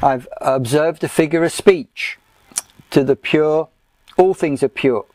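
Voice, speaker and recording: Slow, deliberate male Bible teacher. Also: on the high side, a little mellow, no room sound. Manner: measured, deliberate, with frequent pauses and "uh" fillers. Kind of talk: recorded lecture on Bible study method.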